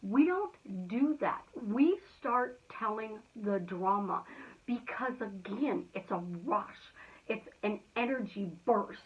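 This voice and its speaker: A woman's voice: mid-range voice, takes it slowly, breathy edge. Emphatic woman, tinny phone-like sound. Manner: energetic, emphatic, chatty. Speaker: motivational speaker. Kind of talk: motivational talk.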